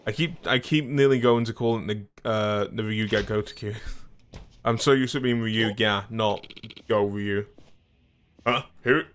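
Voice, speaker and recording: A man's voice: on the low side, fairly even intonation, normal speed, slight background noise. Chatty self-deprecating male streamer. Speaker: gaming streamer. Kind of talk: casual let's-play commentary.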